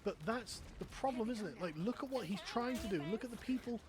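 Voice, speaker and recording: A man's voice: very high-pitched, expressive, fairly quick. A man with an English accent, giving a profane, sarcastic political rant on a live stream. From England. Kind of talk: ranting political commentary.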